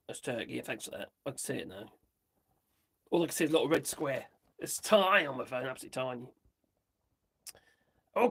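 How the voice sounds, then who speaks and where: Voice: medium pitch, a bit bright, slightly rough. A host chatting loosely on a livestream, rambling, giggling and muttering while reading off a phone. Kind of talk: casual livestream chat reacting to viewers.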